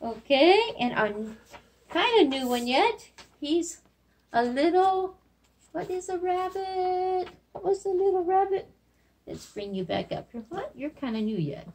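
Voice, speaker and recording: A woman with a lightly voice teaches young children Spanish animal words in a remote video lesson. Her voice sits a little high and swings widely up and down in a sing-song way. She talks slowly and patiently, coaxing answers. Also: lively intonation, a little mellow.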